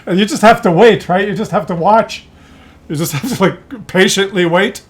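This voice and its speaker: A middle-aged man telling a family story in a casual vlog, animated and laughing often as he acts out voices. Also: sits high, normal speed, husky. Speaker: content creator.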